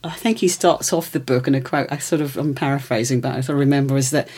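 A woman hosting a casual book discussion, agreeable and measured. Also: very deep voice, dark tone, breathy edge. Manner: agreeable, measured, lots of affirming.

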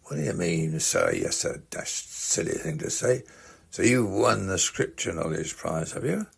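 A man voicing a drunk, pompous young upper-class gentleman who slurs and blusters at a schoolboy in a comic reading. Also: deep voice, lively intonation, measured pace, gravelly, slightly rough, exaggerated voice. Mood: bullying. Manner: slurring, blustering, belligerent.

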